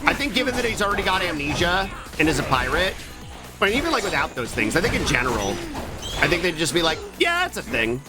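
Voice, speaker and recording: Male game streamer, crude and jokey, very animated delivery, game music behind. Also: a little high. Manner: crude, joking, quick to swear. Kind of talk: casual gameplay commentary.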